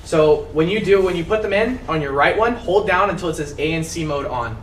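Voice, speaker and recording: A man's voice: a little high, expressive, a little fast. A teenage boy leading a classmate through a party guessing game, bossy and giggly. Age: teens. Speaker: student game leader. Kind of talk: casual chat, party game. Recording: roomy, distant mic, faint room noise.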